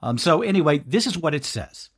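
Husky-voiced man hosting a devotional podcast. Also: on the high side, big pitch swings, a little fast. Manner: earnest, conversational, addresses listener directly. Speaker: podcast host.

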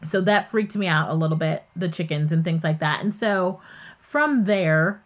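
A woman's voice: lowish voice, expressive, moderate pace. A woman hosting a podcast, telling a story in a candid, chatty way that often wanders off topic. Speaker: podcast host. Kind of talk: casual storytelling.

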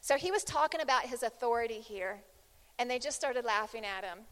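A woman's voice: fairly high pitch, fairly quick, a bit bright. A woman preaching a sermon, emphatic and repeating phrases as she builds intensity. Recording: long hall reverb.

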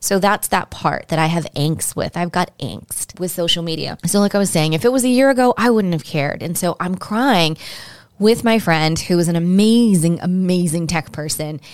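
A woman's voice: lowish voice, moderate pace, dry recording, studio quality. Candid, chatty woman podcast host. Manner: candid, emotional, chatty with listeners. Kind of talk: personal storytelling monologue.

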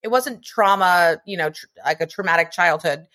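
A woman's voice: lowish voice, normal speed, a bit bright. A woman co-hosting a podcast, chatting earnestly about motherhood and swearing casually now and then. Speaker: podcast co-host. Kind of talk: casual chat.

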